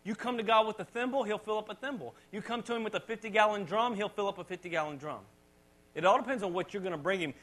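A pastor preaching a conversational sermon, often restarting and repeating words, with dramatic rises when reading scripture. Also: male voice, sits high, quick pace, fairly bright tone.

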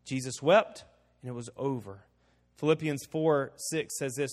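A man preaching a sermon as pastor, animated and joking, swinging between loud emphasis and quiet asides. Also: medium pitch, unhurried. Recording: long reverb of a large hall.

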